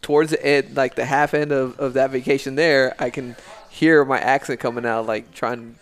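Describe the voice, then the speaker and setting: A man's voice: mid-range voice, steady tone, moderate pace. A man from El Paso, a podcast guest, chatting in a laid-back, blunt way and swearing casually. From El Paso, Texas. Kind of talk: casual chat.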